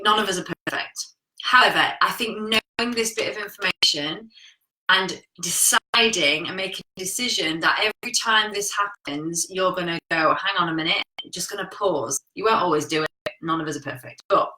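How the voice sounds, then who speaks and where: A bright, forceful woman talks straight to her viewers about relationships. She is frank and chatty, with casual swearing. Her voice rings around an echoey room. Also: medium pitch. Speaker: coach. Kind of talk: live-streamed talk reading viewer comments.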